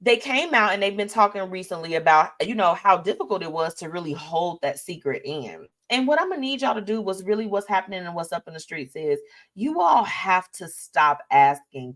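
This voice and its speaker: Her voice sits on the low side as she hosts a live show. She keeps things casual and sassy, talking animatedly about celebrity gossip and reading out what viewers comment.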